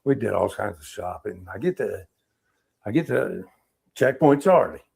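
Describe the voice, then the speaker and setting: Gravelly middle-aged veteran telling stories. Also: male voice, lowish voice, moderate pace. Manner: animated storyteller, acts out quotes, laughs. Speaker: Army veteran guest. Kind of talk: casual storytelling interview.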